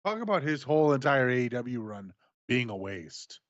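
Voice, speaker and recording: A podcast co-host from New York talks bluntly, with an exasperated tone. His pitch is ordinary. The recording sounds dull and muffled, and dry. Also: sing-song, moderate pace, no echo. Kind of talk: casual chat.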